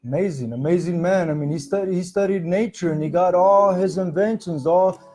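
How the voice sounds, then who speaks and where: A man's voice: high-pitched, a little fast, mellow. A man hosting a casual spiritual livestream from home, talking loosely and chatting with his viewers. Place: home, music playing softly behind. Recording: faint music in background.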